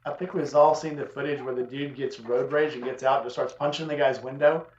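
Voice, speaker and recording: A man hosting a casual chat among friends, telling animated stories, acting out the people in them and swearing freely. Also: mid-range voice, brisk, a little hiss or hum. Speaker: host. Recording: echoey room, dull lo-fi sound.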